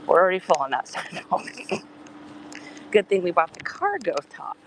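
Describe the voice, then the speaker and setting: A woman's voice: fairly low pitch, huge pitch swings, moderate pace, slight background noise. A woman hosting a casual live stream from outdoor garage sales, chatty and often dropping into a whisper. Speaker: livestream host.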